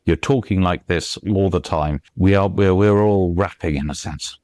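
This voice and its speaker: A man's voice: low voice, normal speed, dry recording. A man, a guest author explaining language in casual chat and tapping out rhythms aloud. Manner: demonstrates rhythms aloud, animated and playful.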